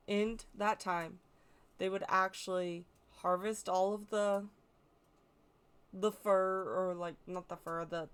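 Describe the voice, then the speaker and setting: Chatty American woman explaining folklore. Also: fairly low pitch. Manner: chatty, self-correcting, playful asides. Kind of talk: casual educational talk.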